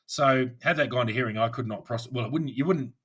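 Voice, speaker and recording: An Australian man co-hosting a podcast, telling lively courtroom stories in casual chat and acting out what people said. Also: medium pitch, fast, slightly rough. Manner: animated anecdotes, acts out courtroom voices, swears. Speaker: podcast co-host, police officer.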